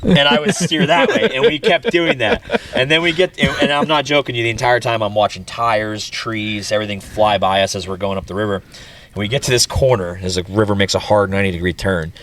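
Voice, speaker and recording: A man's voice: fairly low pitch, a little fast, fairly bright tone. A man, telling a story in a casual talk show and laughing as he goes. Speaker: podcast host.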